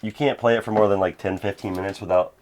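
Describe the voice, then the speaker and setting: A man's voice: lowish voice, steady tone, fast, a little mellow, slight background noise. A man in his thirties, a game collector chatting casually at home, rambling with lots of fillers and restarts. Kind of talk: casual interview chat.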